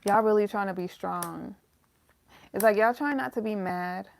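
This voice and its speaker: A woman's voice: mid-range voice, normal speed, creaky. A woman giving a casual, emotional tarot reading, talking straight to her viewers with some swearing. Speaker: tarot reader.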